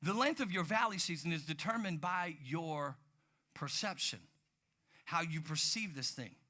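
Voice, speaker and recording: A man preaching a sermon, telling stories in an animated way with sudden loud outbursts. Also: a little high, normal speed. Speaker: pastor.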